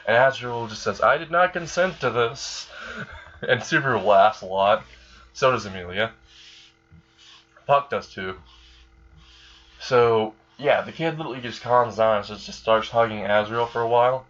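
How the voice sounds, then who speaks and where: A man's voice: fairly low pitch, moderate pace, pauses often, fairly bright tone, muffled recording, slight background noise. A man casually narrating an improvised fan story, rambling with many fillers.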